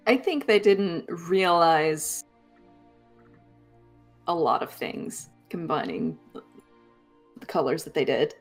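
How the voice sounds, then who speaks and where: A woman's voice: low-pitched, big pitch swings, slow pace, long pauses, faint music behind. A woman co-hosting a streamed podcast, speaking casually and hesitantly and laughing often. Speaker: podcast co-host.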